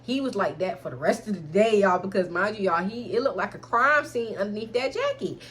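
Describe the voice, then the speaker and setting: A woman's voice: mid-range voice, animated, a little fast, a bit bright, a little hiss or hum. A young adult woman vlogger telling a candid storytime in frank slang, keeps addressing listeners as y'all.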